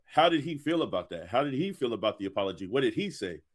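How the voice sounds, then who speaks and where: Measured man reacting to a clip. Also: medium pitch, big pitch swings. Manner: measured, explains his view step by step. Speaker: host of a reaction channel. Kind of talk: casual commentary.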